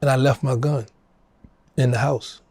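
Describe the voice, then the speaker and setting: A middle-aged man with a New Orleans accent tells his story in a gravelly, husky voice. He animates the dialogue, jumping up in pitch to act out what people said. The sound is close and dry. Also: a little slow, dry recording. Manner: animated storyteller, acting out quotes in a higher voice. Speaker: interview guest. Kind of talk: casual storytelling.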